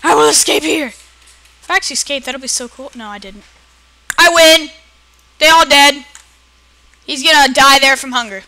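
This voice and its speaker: A woman giving excitable let's play commentary, often yelling at the game. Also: high-pitched, moderate pace, pauses often. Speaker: gamer. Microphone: personal computer mic.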